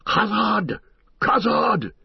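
A man putting on a fierce dwarf warrior who bellows his war cries, the voice pushed up high and loud. The sound is dull and lo-fi, with no room around it. It is a storybook figure, rough and eager for the fight. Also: takes it slowly, no echo. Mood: bellowing. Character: fierce battle-hungry male dwarf warrior.

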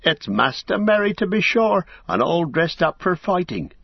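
A man voicing an old, flustered male hobbit gatekeeper in an audiobook, high and fussy. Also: sing-song, normal speed, vocal fry, breathy edge, no room sound, muffled recording, heavily acted.

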